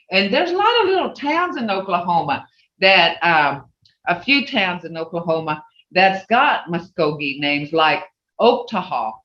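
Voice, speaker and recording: A woman teaching a language class over a video call, slowly repeating sounds for learners to copy. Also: lowish voice, a bit bright. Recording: dull roomy video-call audio.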